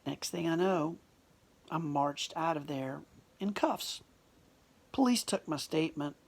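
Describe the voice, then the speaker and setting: Gravelly low-voiced woman confessing. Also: unhurried. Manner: confessional, drops into hushed near-whispers. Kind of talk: emotional personal testimony.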